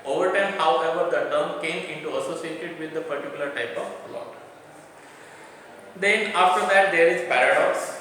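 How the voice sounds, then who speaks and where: A man's voice: a little high, moderate pace, bright, forceful tone, slight background noise. A man lecturing a college class on literary terms. He reads each definition aloud and then explains it again in simple words. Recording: distant echoey hall recording.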